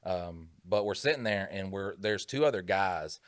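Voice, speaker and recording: A man's voice: low-pitched, animated, moderate pace, no echo, clean studio sound. A man co-hosting a podcast, telling rambling, profane stories in casual chat. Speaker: podcast co-host.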